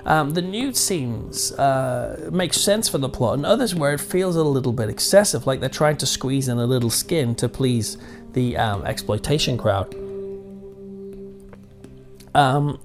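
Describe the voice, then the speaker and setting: A middle-aged man reviews a film in a relaxed, rambling way, often pausing on ums and restarting his sentences. His voice sits at an ordinary middle pitch, and quiet music plays faintly behind him. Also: gravelly. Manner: chatty and digressive, with ums and restarts.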